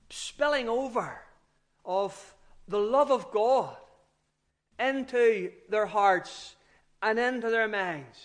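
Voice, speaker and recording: A man preaching a sermon, slow and emphatic, often repeating his key phrases and letting his voice drop low at the ends of phrases.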